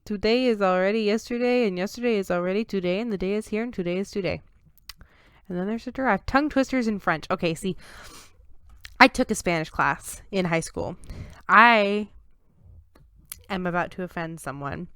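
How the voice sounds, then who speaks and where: A woman's voice: medium pitch, animated, unhurried, fairly bright tone, clean tone, no echo, clean studio sound. A young woman hosting a casual solo podcast, laughing at herself as she stumbles through tongue twisters. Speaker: podcast host.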